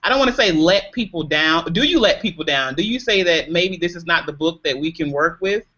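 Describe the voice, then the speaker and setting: Bright-voiced host with muffled audio. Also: mid-range voice, expressive, fairly quick. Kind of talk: interview questions. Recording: dull lo-fi video call audio.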